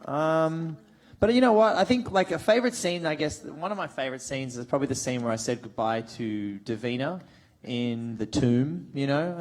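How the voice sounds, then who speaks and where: A man in his thirties, a guest actor on a convention panel, telling animated stories and acting out quotes with a laugh. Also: medium pitch. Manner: animated storyteller, acts out quotes, laughs often. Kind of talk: casual panel Q&A, anecdotes.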